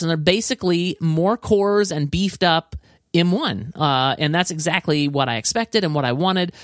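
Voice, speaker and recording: A man co-hosting a casual tech chat, excitable and enthusiastic, often restarting his sentences. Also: on the high side, no echo, studio quality. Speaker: podcast co-host.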